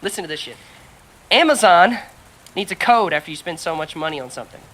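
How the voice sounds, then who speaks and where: A woman chatting on a podcast with a bright, forceful voice. She tells a long work story in an animated, profane way, slipping into quick impressions of the people in it. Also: on the low side, rough recording. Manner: animated storyteller, heavy swearing, acts out quotes. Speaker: podcast co-host. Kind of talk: casual chat.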